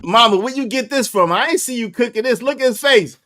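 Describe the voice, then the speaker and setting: A man's voice: very high voice, fairly quick, pushed and bright, voice pushed up. A man imitating a spoiled young boy who whines and complains to his mother, in a mocking voice. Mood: whiny mocking.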